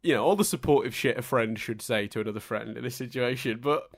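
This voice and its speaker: A man's voice: medium pitch, fast talker. A man hosting a podcast in casual, jokey, chatty talk. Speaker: podcast host.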